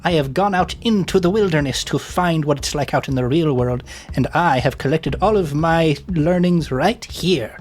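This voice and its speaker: A man's voice: a little high, moderate pace, hardly any pauses, voice pushed up, lightly acted. A man voicing a small, cocky male adventurer who brushes off his teacher. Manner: cocky, breezy.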